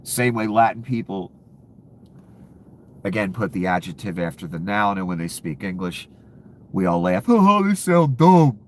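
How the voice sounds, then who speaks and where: A man's voice: deep voice, fairly even intonation, moderate pace, long pauses, slight background noise. A man giving casual, profane political commentary, ranting and sarcastic, laughing at his own jokes.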